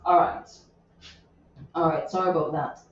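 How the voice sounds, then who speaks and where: A woman's voice: sits low, steady tone, moderate pace. A woman radio host, chatting about a viral news story in a chatty, indignant way, with many asides. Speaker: radio morning show host. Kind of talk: casual chat reading social media news. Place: radio studio. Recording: very echoey, distant, dull sound.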